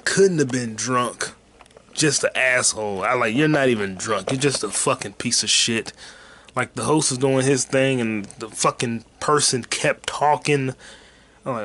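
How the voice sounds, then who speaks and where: A man hosting a podcast, ranting casually and profanely about a heckler, repeating himself and swinging between low mutters and shouts. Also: normal speed, slight background noise. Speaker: podcast host and stand-up comic. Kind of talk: casual rant.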